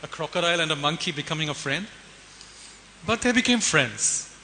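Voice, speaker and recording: A man's voice: on the high side, expressive, a little fast, pushed and bright. A man giving a sermon, telling animal stories in a conversational way and asking the audience rhetorical questions. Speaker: preacher. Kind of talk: sermon with storytelling. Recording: hiss and long hall reverb.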